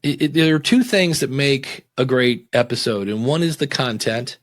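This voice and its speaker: Animated middle-aged man, podcast guest. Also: moderate pace. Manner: animated, acts out voices and quotes with big pitch swings. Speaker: podcast coach, interview guest. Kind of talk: casual interview conversation.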